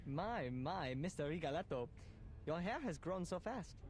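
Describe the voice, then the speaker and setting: A man's voice: a little high, expressive, moderate pace, a little mellow. An actor voicing a smug, theatrical male art exhibit host who speaks in a flamboyant, teasing way.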